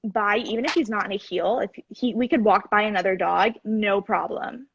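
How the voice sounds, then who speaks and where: Young woman guest, gravelly fry, earnest explainer, dull dry call audio. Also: mid-range voice, normal speed. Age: 20s. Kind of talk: casual chat.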